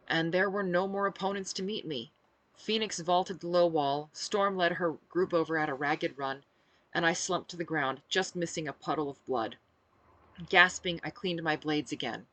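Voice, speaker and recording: A woman author reading her own novel aloud with expressive, animated narration. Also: low-pitched.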